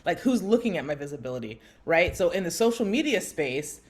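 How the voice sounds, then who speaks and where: A woman in her thirties co-hosting a podcast, telling a story in lively conversation and acting out the voices of people she quotes. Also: a little fast. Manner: animated, acts out quotes with big pitch jumps. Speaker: podcast co-host.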